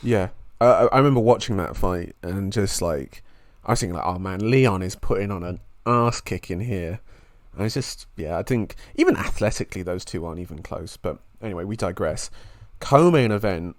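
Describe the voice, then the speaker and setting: A man's voice: sits low, animated, moderate pace, hardly any pauses, no echo, studio quality. A man co-hosting a sports podcast in casual chat, enthusiastic and openly emotional. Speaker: podcast co-host.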